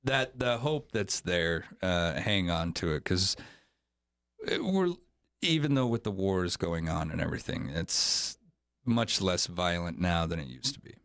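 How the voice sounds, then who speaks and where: Low voiced guy rambling his opinions on a podcast, dry sound. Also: animated, unhurried, a bit bright, dry recording. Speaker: podcast host. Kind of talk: casual chat.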